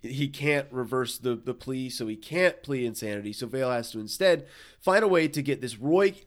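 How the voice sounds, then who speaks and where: A man with an everyday mid-pitched voice has the hiccups while co-hosting a casual film podcast. He keeps breaking into laughter, stumbles and restarts, and swears now and then as he pushes through his recap. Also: moderate pace. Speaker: podcast co-host. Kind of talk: casual movie chat.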